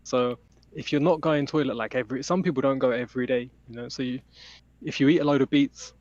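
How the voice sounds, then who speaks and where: A man's voice: medium pitch, steady tone, fast, a little mellow, dry recording. A man, a podcast guest, explaining health matters at length in casual chat. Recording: dry, dull lo-fi sound.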